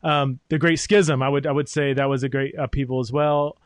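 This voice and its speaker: A man's voice: mid-range voice, steady tone, fairly quick, clean tone, no echo. A man hosting a podcast, talking through ideas in a thoughtful, searching way with many fillers. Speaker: podcast host. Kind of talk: interview conversation.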